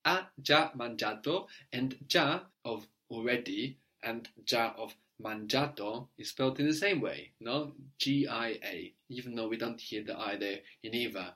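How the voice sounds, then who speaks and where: A man teaching a language lesson, patiently prompting his student and spelling words out letter by letter, often checking with a quick "no?". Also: mid-range voice, sharp tone.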